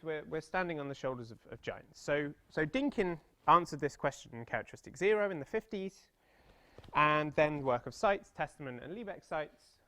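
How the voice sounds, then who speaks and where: Giving a mathematics seminar, a British man in his thirties sounds a little high, pushed and bright. He lectures in a seminar room in a chatty, self-mocking style, slipping in playful story-like tangents.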